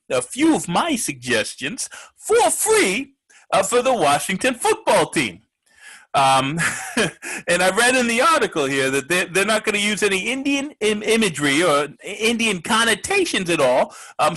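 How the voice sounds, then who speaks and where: A man's voice: high-pitched, a bit bright, rough recording. A man hosting a comedic sports radio talk show, brash and profane, rambling with lots of filler words.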